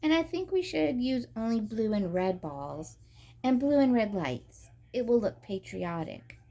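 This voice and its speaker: A woman's voice: fairly high pitch, sing-song, measured pace, dark tone, pitched above the performer's own voice, heavily acted. Bossy teen older sister, dismissive and prim, voiced lightly by a woman reader. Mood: haughty.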